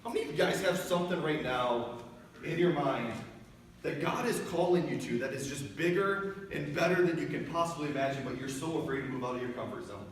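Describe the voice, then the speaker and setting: A male guest preacher delivering a storytelling sermon in a church, building to loud emphatic peaks. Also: a little high, lively intonation, brisk, slight background noise. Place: church sanctuary. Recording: echoey church hall from far off.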